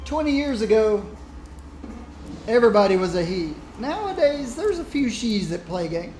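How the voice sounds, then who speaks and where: A man's voice: high voice, very animated, moderate pace, a little mellow, echoey room, slight background noise. A man chatting casually while streaming a game, rambling and laughing often. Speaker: gaming streamer. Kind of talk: casual gameplay commentary.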